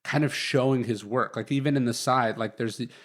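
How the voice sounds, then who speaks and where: A man's voice: mid-range voice, steady tone, fairly quick. A man in his thirties, a guest author telling a story in a casual interview, rambling with lots of fillers. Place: guest's chosen location.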